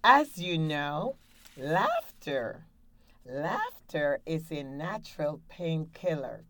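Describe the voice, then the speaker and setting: Her voice is deep yet a bit bright, with a slow, sing-song lilt. She is a laughter yoga coach hosting a studio show, leading breathing exercises and encouraging listeners with upbeat energy.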